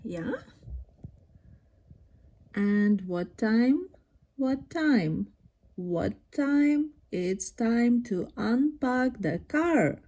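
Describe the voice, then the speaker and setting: A woman narrating a doll play story, showing toys in a slow, gentle show-and-tell way. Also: a little high, lively intonation. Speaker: toy storyteller.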